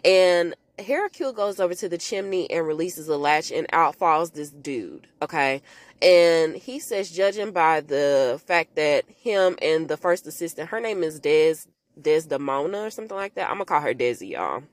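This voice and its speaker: Animated woman recapping a film. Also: deep voice, normal speed, no echo. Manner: animated storytelling, talks to listeners as "y'all", acts out quotes in character voices. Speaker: podcast host recapping a film. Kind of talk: casual movie recap.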